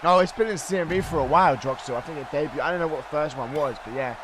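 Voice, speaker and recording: A man's voice: fairly high pitch, fast. Sore-throated man calling matches. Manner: excitable, shouts at big moments, chats with viewers between calls. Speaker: streamer and commentator. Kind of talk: live play-by-play wrestling commentary. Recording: noisy stream recording.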